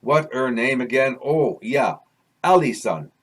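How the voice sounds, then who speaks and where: A man's voice: medium pitch, lively intonation, measured pace, slightly rough. A man putting on a jovial French-accented buddy. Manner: easygoing, teasing, broken English. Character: jovial stocky middle-aged man with a heavy French accent.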